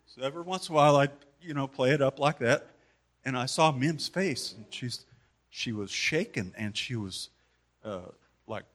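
A man giving a memorial tribute to a gathering, telling stories about the one remembered with pauses and restarts. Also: mid-range voice, a bit bright. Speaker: community member giving a tribute.

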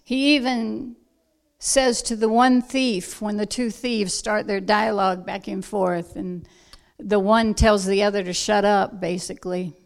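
A woman delivers a sermon at a slow, deliberate pace. She leans into emphatic lines and then drops to soft, quiet asides, keeping a mid-range voice throughout. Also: mid-range voice, fairly even intonation, gravelly. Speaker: preacher.

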